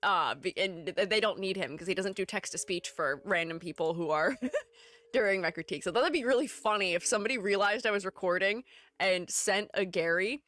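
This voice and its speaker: Young woman, casual live-stream host; animated, chatty, laughs a lot. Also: mid-range voice, fairly quick, no room sound. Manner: chatty, reads chat aloud, laughs often. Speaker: streamer and art educator.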